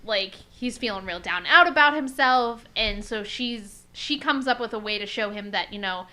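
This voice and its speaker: A woman co-hosting a casual podcast chat, recapping an episode as an animated storyteller who swears freely. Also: medium pitch, normal speed. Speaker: podcast co-host.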